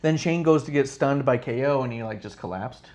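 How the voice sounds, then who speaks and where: A man chatting on a casual wrestling podcast, talking with a lot of animation. He breaks into exaggerated high-pitched impressions when recapping moments. His voice sits in an ordinary mid range. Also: a little fast, darkish tone. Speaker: podcast co-host. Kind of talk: casual chat.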